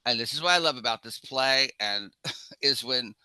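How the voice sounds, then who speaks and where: A man in his seventies, co-hosting a casual film podcast and telling animated anecdotes. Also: mid-range voice, normal speed, clean tone, no room sound, poor audio. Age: 70s. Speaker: podcast co-host.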